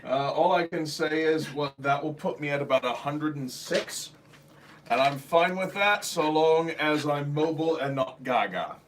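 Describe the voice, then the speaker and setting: A man's voice: on the high side, normal speed. Distant, off-mic man reading comments. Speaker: co-host reading viewer comments. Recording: off-mic with faint background noise.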